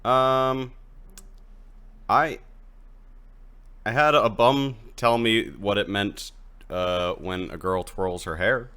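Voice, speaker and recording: A man co-hosting a casual podcast, telling an animated story and laughing a lot. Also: on the low side, slow, pauses often, smooth. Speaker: podcast co-host.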